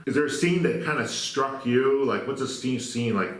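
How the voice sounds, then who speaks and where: A man's voice: medium pitch, moderate pace, fairly bright tone, reverberant, poor audio. A man co-hosting a podcast, chatting casually about a film, rambling with lots of fillers. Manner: rambling, filler-heavy retelling. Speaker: podcast co-host. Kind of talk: casual film review chat.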